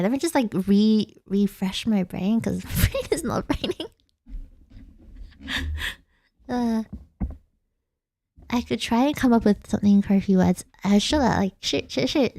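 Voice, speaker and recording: A woman's voice: a little high, darkish tone, dry recording, studio quality. An Australian woman streamer chatting casually late at night, giggling often and rambling in a self-deprecating way.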